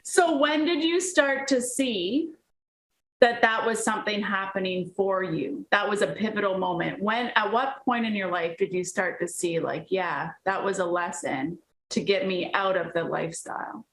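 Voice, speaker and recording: A woman's voice: medium pitch, normal speed, a bit bright. A woman hosting an interview, asking questions with encouraging reactions. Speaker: host. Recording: roomy with faint noise.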